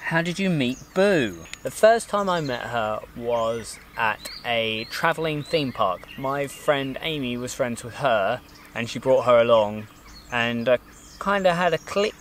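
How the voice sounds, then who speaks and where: A man's voice: medium pitch, lively intonation, unhurried, a bit bright, a little hiss or hum. Chatty man answering questions. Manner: chatty and rambling, self-deprecating. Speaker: podcast host answering listener questions. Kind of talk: casual chat.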